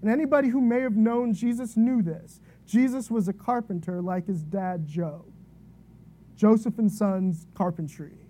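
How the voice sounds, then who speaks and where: A woman preaching a sermon in a relaxed, conversational way, telling an illustrative story and often checking in with "right?". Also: medium pitch, normal speed.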